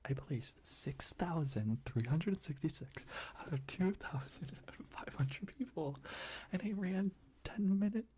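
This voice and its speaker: A young man talking in a soft, rambling ASMR whisper, full of restarts, as he shares life updates. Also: a little high, expressive, measured pace. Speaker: ASMR creator.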